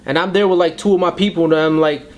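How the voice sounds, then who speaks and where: A man's voice: fairly high pitch, fairly even intonation, fast talker. A young man telling a story in a casual interview. He tells it animatedly and slips into voices for the people he quotes. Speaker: battle rapper.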